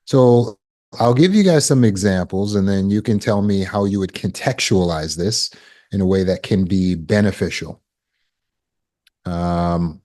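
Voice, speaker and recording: A man with a deep, low voice leads a live online coaching class over a video call. He is encouraging, affirms answers with quick praise and keeps asking "right?". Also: darkish tone. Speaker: healing coach. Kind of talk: live online teaching session.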